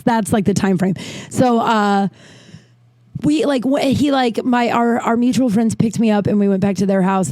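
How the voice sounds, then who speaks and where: A woman in her thirties hosting her podcast, telling candid, animated stories with frequent tangents and casual swearing. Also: mid-range voice, dry recording. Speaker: podcast host. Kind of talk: casual storytelling monologue. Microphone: desk microphone.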